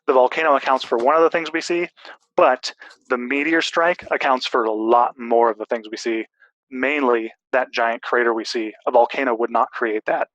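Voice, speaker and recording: A man's voice: medium pitch, fairly even intonation, moderate pace, fairly bright tone, no echo, dull audio. A man in a casual discussion, explaining at length with restarts and fillers.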